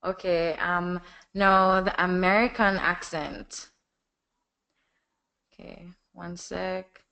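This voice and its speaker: A woman's voice: lowish voice, gravelly, clear, resonant tone. A woman with a Jamaican accent, a voiceover artist talking casually and animatedly about her work. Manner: animated, quick chatty explanations. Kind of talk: casual conversation.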